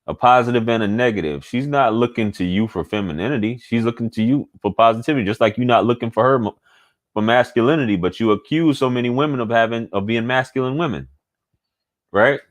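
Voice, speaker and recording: A man's voice: mid-range voice, fast. A man, talking candidly and casually to his audience as a channel host, repeating points for emphasis. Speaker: channel host giving dating advice. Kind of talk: casual monologue to camera.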